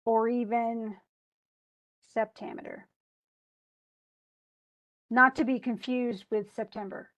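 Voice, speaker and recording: Middle-aged woman, classroom teacher, slightly high voice, chatty, thinks aloud. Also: fairly even intonation, slow pace, long pauses, highs cut off. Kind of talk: classroom lesson on poetry meter.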